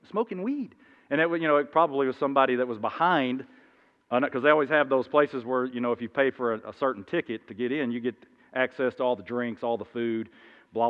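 A man preaching an informal sermon, rambling through anecdotes with many restarts and acting out the voices in his stories. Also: mid-range voice. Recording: dull lo-fi sound, long hall reverb.

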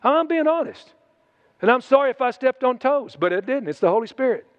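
A man preaching a sermon to his congregation, exhorting and then dropping into hushed asides. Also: extremely high pitch, expressive, a little fast, muffled recording. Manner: exhorting, swings between loud shouts and hushed asides. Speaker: pastor. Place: church sanctuary.

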